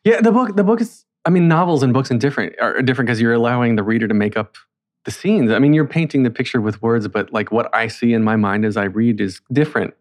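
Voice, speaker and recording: A man's voice: mid-range voice, fast talker. A man interviewing a guest, asking questions in a conversational way with fillers and hesitations.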